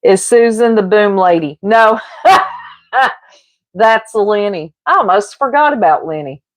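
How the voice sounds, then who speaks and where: A woman streamer chats casually and unhurriedly with her viewers, gossiping, rambling from one thread to the next and breaking into laughs. Her voice sits at an ordinary mid pitch and sounds dry and close to the mic. It comes across as a relaxed home streaming setup. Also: slow, no room sound. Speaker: livestreamer. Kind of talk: casual livestream chat.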